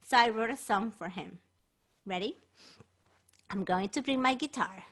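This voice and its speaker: Her mid-range voice moves a little slowly as she, a children's entertainer, hosts a bilingual show. Lively and playful, she banters with a puppet cat and addresses the young viewers.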